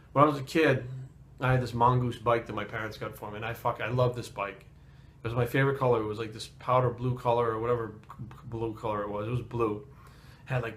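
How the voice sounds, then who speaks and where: A man's voice: mid-range voice, a bit bright. A man vlogging as a fitness trainer, telling a story in a casual, rambling way and swearing constantly. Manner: heavy swearing, rambling asides.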